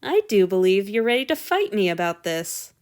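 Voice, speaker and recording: A woman's voice: medium pitch, very animated, normal speed, a little mellow, close to an everyday voice. A woman voicing a prickly young male lord who talks in a dry, snappish way. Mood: teasing.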